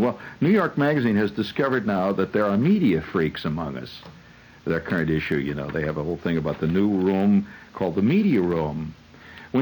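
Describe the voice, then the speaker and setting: A man's voice: deep voice, slightly rough, poor audio. A man who hosts on the radio, telling a rambling, wry comic monologue full of digressions and hesitations. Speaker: radio host.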